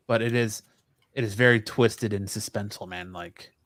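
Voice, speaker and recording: A man's voice: on the low side, steady tone, normal speed, fairly bright tone, no echo. Easygoing podcast man, dry sound. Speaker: podcast co-host. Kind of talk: casual chat.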